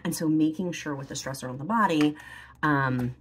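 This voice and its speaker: Speaking at a moderate pace in a low, slightly rough voice, a beauty and lifestyle vlogger chats casually on camera during her makeup routine. She's emotional and talkative, teary at moments, and peppers her speech with "like."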